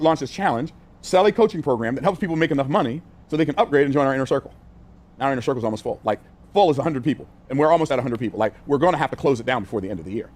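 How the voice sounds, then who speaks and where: An older man teaching business sales from a whiteboard, energetic and conversational, repeating phrases for emphasis and using casual words like y'all and ain't. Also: medium pitch. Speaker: business coach.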